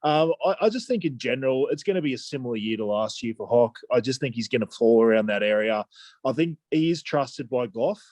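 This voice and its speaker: An Australian man in casual podcast chat, mid-pitched and hesitant, circling his point with repeated restarts. The mic is close and dry, with no room around him. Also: lively intonation, fairly quick, darkish tone, no room sound. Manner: hesitant, many restarts and "I just think". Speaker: fantasy football podcast co-host.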